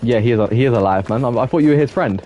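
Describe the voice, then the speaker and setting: A young man streaming a game, chatting loosely with his viewers and getting quickly exasperated at teammates, with many restarts. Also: medium pitch, warm tone, slight background noise. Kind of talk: casual live-stream chat while gaming.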